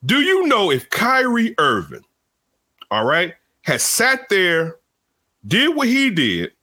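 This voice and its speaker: A man hosting casual sports talk, animated and rambling, jumping from loud outbursts to low asides. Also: slow. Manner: rambling, restarts often.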